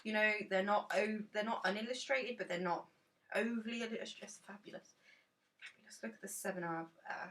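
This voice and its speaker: A woman's voice: mid-range voice, fairly quick, fairly bright tone, recorded from a distance. A woman chatting enthusiastically and rambling casually about a tarot deck in a dim room.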